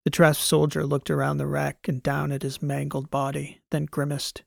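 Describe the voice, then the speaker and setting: Gravelly man narrating a sci-fi audiobook. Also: a little high, no room sound, studio quality. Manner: measured, even storytelling. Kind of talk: scripted narration.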